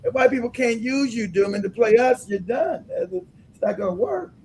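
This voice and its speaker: A man hosting a livestream, delivering emphatic, animated commentary and laughing often as he talks. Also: very high voice, normal speed, creaky, slight background noise. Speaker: livestream host.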